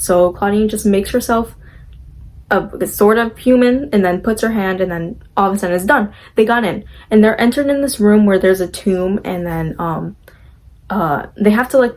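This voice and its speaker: A young woman talks through a movie plot in a loose, chatty vlog voice. She fills her sentences with "like" and sprinkles in her opinions. Now and then she drops into quick impressions of the characters. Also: medium pitch, darkish tone. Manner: chatty, full of "like" fillers, opinionated. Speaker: movie recap vlogger. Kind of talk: casual movie recap.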